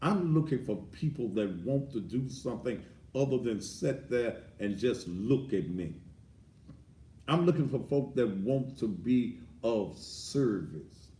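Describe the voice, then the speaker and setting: A man's voice: medium pitch, lively intonation, a little slow, warm tone. A middle-aged man, a pastor giving a blunt, fiery sermon-style address with profanity. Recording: roomy echo, distant from the mic.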